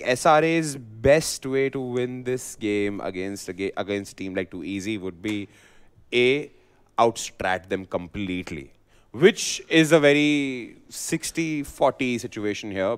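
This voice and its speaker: A man casting esports live, playful and excitable, teasing his co-caster. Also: mid-range voice, clean tone.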